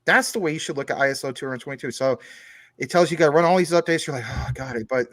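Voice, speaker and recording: A man's voice: on the high side, fast talker, a bit bright, no room sound, clean studio sound. A man talking as a guest on a casual chat show, explaining things at length through long everyday analogies.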